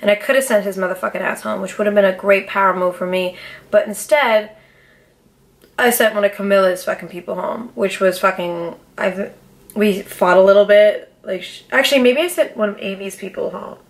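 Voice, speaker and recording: Young woman, podcast host, casual storytelling, profane, animated, dramatic. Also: medium pitch, fairly quick, gravelly.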